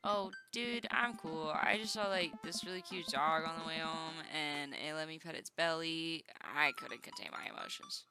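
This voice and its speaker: A woman's voice: low voice, fairly even intonation, moderate pace, hardly any pauses, lightly acted. A woman voicing a cheeky, joking teenage daughter while reading a game aloud. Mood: offhand. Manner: cheeky, offhand. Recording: game music behind.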